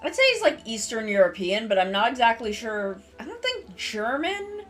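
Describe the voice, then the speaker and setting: A woman streamer chatting casually while playing, excitable and sweary. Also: a little high, moderate pace. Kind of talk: casual live-stream gaming chat. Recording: stream with game music behind.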